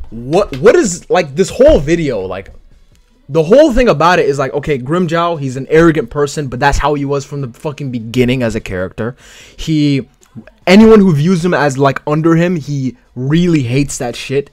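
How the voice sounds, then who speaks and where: A man's voice: medium pitch, no room sound. A man giving a casual, slangy and profane spoken analysis of an anime, talking loosely with many fillers. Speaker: anime commentary vlogger.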